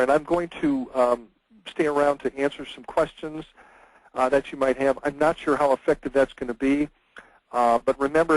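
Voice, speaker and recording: A man's voice: mid-range voice, dry recording, poor audio. A man, a lawyer presenting a webinar lecture, speaking conversationally with frequent "uh" and "um" fillers.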